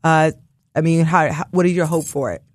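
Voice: mid-range voice, steady tone, brisk, no room sound. An interviewer asking questions in a casual chat, rambling a bit and restarting questions with lots of "like" and "um".

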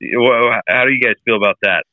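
A man's voice: medium pitch, brisk, no echo. A man calling in from a hotel room to a sports podcast, weighing in thoughtfully with some stammered restarts. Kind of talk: casual sports talk. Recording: tinny phone-like line.

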